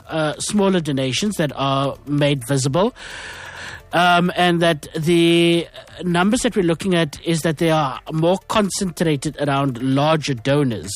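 Hesitant man hosting talk radio. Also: on the high side. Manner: hesitant, many fillers, explanatory. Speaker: radio host.

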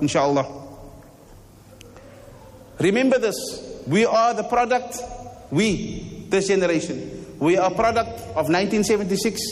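A man's voice: a little high, long reverb tail. A man giving a fervent sermon as imam, repeating lines and firing rhetorical questions. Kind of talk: impassioned sermon. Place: mosque hall.

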